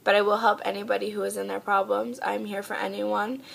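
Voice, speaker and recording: A woman's voice: medium pitch, flat delivery, a little fast, gravelly, breathy edge. A young woman talking earnestly and heartfelt in a personal vlog, pleading with her viewers. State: tearful. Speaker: vlogger.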